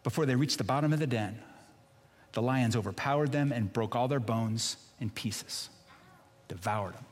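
A man's voice: mid-range voice, normal speed, big-room sound. A man preaching a sermon as pastor, retelling a scripture story in a casual, emphatic way.

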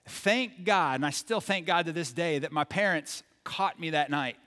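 Male pastor, sermon delivery, casual humor mixed with emphatic points, a bit higher voice. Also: moderate pace, bright, forceful tone. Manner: conversational, joking, emphatic. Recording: long hall reverb.

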